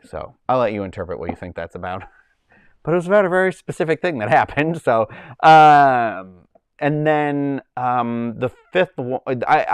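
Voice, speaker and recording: A man with a fairly low-pitched voice hosts a casual livestream from home, rambling loosely and filling his chat with lots of likes and ums. The sound is clean, with no echo.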